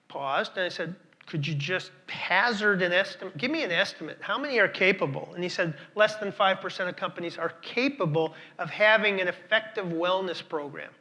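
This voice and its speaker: At a conference, a man with a high, sharp-toned voice tells stories to the audience, repeats words for emphasis, and puts questions to the crowd.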